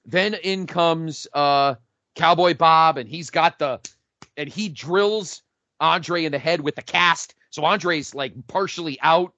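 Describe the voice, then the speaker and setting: A man co-hosting a podcast, telling an imagined match as animated, profane play-by-play in casual chat. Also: fairly high pitch, slow, no echo. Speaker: podcast co-host.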